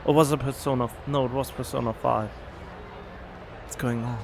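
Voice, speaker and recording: A man's voice: medium pitch, fairly even intonation, moderate pace, gravelly, noisy background. A man hosting a let's play, talking back at the game with mocking, laughing commentary into a desk microphone. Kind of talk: casual gameplay commentary. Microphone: USB desk microphone.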